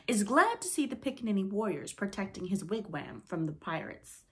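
Lady reading a lordly bossy boy chief in a storybook, grand and pompous, bit high. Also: steady tone, unhurried, natural voice. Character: boastful boy leader, lordly and condescending.

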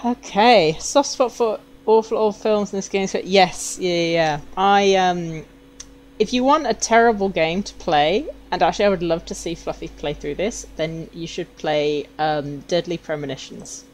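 A woman's voice: on the low side, normal speed, darkish tone, a little hiss or hum. A young woman from London with a British accent, chatting expressively while live-streaming a game.

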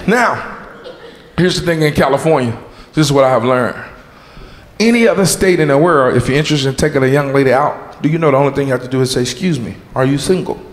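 A man doing a stand-up comedy set on a club stage, loud and animated, shouting punchlines, making sound effects and calling out audience members and crew. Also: medium pitch, quick pace. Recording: roomy club echo with crowd noise. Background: audience laughter.

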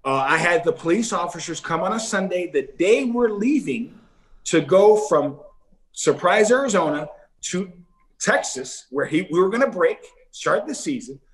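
He speaks at a normal speed with a voice that sits high. Sitting for a laid-back interview, this middle-aged ex-ballplayer tells stories energetically and acts out what others said.

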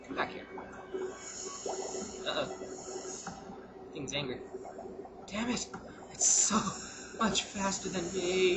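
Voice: medium pitch, animated, slow, long pauses. A gamer giving casual let's-play commentary, muttering to themself with sudden yelps and cheers. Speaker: gameplay commentator. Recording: loud background noise.

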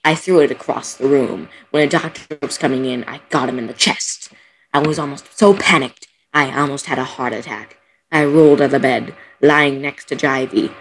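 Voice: mid-range voice, moderate pace, background noise. A person on a voice call reading a creepy story aloud through a computer mic, melodramatic and now and then breaking off. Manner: melodramatic, breaks off with gasps and giggles.

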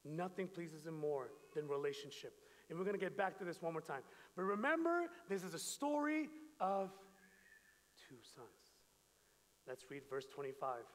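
A man preaching a sermon, animated storytelling and joking with the congregation. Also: fairly high pitch, moderate pace, long reverb tail. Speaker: pastor. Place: church.

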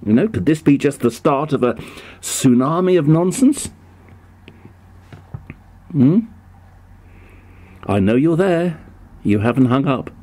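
A man's voice: mid-range voice, lively intonation, slow, pauses often, warm tone. A man making a prank phone call in a put-on, poorly done American accent, hesitant and mock-innocent, full of ums and restarts. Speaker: prank caller.

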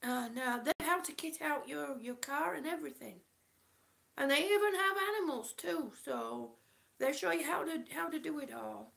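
A woman's voice: high voice, lively intonation, normal speed, vocal fry, fairly bright tone. A woman from Kansas on oxygen, chatting casually to her live-stream viewers, short of breath and greeting them by name. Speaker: vlogger reading live chat.

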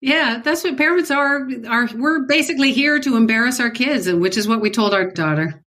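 A woman's voice: fairly high pitch, fairly quick, bright, forceful tone. A middle-aged woman co-hosting a podcast, chatting casually and asking curious questions. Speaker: podcast co-host. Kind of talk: casual chat.

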